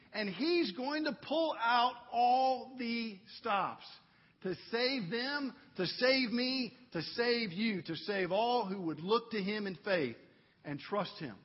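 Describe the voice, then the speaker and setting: Husky-voiced pastor preaching slowly in a church. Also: male voice, very high-pitched, expressive, long reverb tail, dull audio. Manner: earnest, swells to fervent emphasis. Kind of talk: sermon. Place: church sanctuary.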